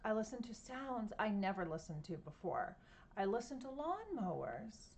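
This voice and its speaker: A woman's voice: fairly high pitch, very animated, moderate pace, darkish tone, slight background noise. A woman reading a picture book aloud to children at home, playfully imitating sounds and asking her listeners questions. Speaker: storytime reader.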